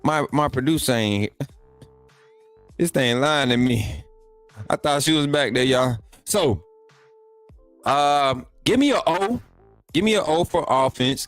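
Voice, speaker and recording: A middle-aged man talks loose and chatty, repeating himself and hyping up his viewers as he hosts a live sports stream. His voice sits at an ordinary, mid-range pitch. It is recorded dry on a close desk mic, with faint music playing underneath. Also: normal speed, no room sound. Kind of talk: casual live-stream chat.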